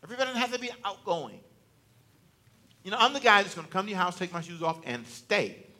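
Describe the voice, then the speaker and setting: A man's voice: high voice, expressive, fast talker, bright, forceful tone, slight background noise. A male preacher giving a conversational, joking sermon to a church congregation, teasing and talking directly to them.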